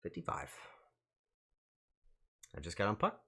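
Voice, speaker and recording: A man's voice: mid-range voice, very animated, moderate pace, fairly bright tone. A young adult man chatting casually on a livestream, joking in mock outrage and swearing freely. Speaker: streamer.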